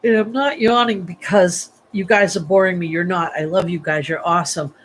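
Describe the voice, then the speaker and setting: A woman's voice: lowish voice, fairly even intonation, normal speed, rough recording. Chatty, rambling woman medium. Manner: rambling, chatty, many fillers and restarts. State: sleepy, yawning. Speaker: psychic medium. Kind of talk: livestream reading.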